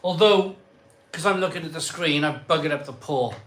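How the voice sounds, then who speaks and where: A man's voice: on the high side, a bit bright. Chatty man reading viewer comments. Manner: chatty, rattles off place names in a quick list; swears mildly, jokey banter with viewers. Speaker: live stream host. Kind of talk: casual live stream chat, reading out viewer comments.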